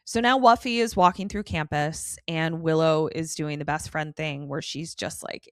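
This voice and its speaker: A middle-aged woman co-hosting a podcast, recapping an episode in a casual, animated way and slipping into quoted voices. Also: low-pitched, moderate pace, few pauses, no room sound, clean studio sound. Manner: animated storytelling, slips into quoted voices, swears. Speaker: podcast co-host.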